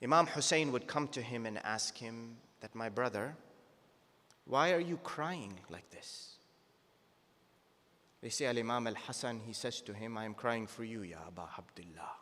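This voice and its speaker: A man giving a sermon, moving from plain teaching into slow, sung mourning recitation. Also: medium pitch, sharp tone. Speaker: sheikh giving a Muharram night lecture. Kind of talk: sermon with chanted elegy. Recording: long hall reverb.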